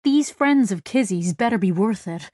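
Woman voicing a calm, steady male ship captain. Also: medium pitch, moderate pace, no room sound, studio quality, lightly acted.

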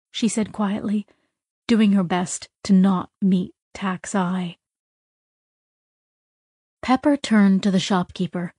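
A woman narrates an audiobook slowly in a measured, even storytelling style from a script. Her voice is medium-pitched, and the recording is dry and studio-clean.

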